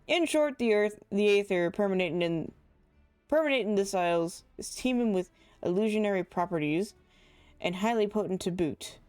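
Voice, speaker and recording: A boastful, self-satisfied blacksmith with a slight southern accent, as a woman streamer puts him on, reading his game lines aloud in a dry, close voice. He explains himself in a tone that suits a middle-pitched voice. Soft game music plays behind. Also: animated, normal speed, smooth, no echo, close to an everyday voice. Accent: slight put-on southern. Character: boastful male blacksmith, fond of rum.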